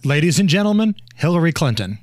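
Man, high pitch, sarcastic, mocking, political talk host, dry close sound. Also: sing-song, quick pace, dry recording. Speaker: show host. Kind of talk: political commentary chat.

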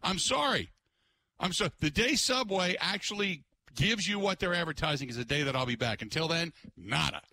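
A man hosting a talk radio show, ranting in an exasperated, animated way and putting on mocking voices. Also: a little high, moderate pace. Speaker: radio host.

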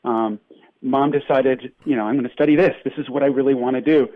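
A man who grew up in New York chats as a guest on a tinny, phone-like line. His delivery is self-deprecating and halting, full of fillers and quick jokes, and the sound is dry with no room. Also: mid-range voice, fairly even intonation, no echo. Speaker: actor guest. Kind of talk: casual interview chat.

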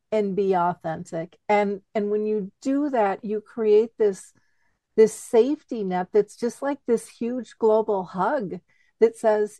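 A woman hosting an interview, talking in an animated, chatty way and laughing easily. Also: mid-range voice, takes it slowly, no echo. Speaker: host. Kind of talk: interview conversation.

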